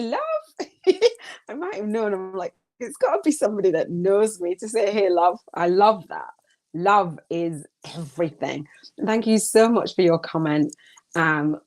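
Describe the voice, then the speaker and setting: Woman, low voice, middle-aged, chatty host, laughs often. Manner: warm, chatty, laughs often, many fillers and restarts. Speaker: podcast host. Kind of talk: live-streamed gratitude talk.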